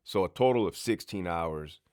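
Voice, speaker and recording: Man, ex-prison lieutenant, casual storytime, lively up-and-down pitch, swears a lot. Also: moderate pace. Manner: profane, animated storyteller.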